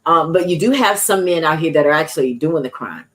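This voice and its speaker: Woman host, low-pitched, preachy and encouraging delivery, chatty emphasis. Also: animated, brisk. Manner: declaring, encouraging, laughing asides. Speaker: talk show host.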